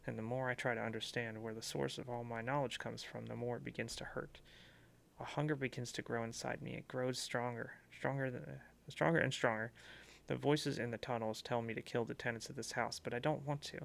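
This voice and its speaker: A man's voice: mid-range voice, steady tone, fairly quick, vocal fry, a bit bright, a little hiss or hum. A man reading the lines of a despairing young man trapped in a hole, in a horror game. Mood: brooding. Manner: despairing, then pleading. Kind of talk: reading game dialogue aloud.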